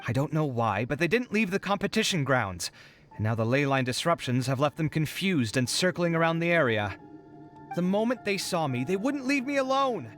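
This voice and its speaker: A weary, sighing young architect. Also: male voice, a little high, sing-song, moderate pace, a bit bright. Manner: sighing, exasperated complaints. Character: young male architect, weary, dramatic, put-upon. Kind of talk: game dub voice acting. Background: faint game music.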